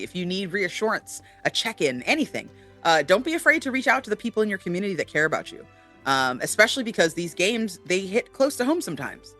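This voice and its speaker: Guy cohosting a chat show, kinda high bright voice, lots of ums, earnest. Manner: earnest, many fillers, warm shout-outs. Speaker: co-host. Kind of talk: casual chat.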